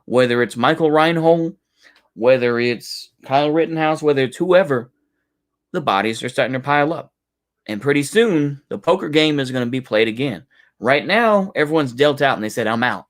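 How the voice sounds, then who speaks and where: A man's voice: mid-range voice, expressive, normal speed. A man giving heated, profane reaction commentary, incredulous and swearing often.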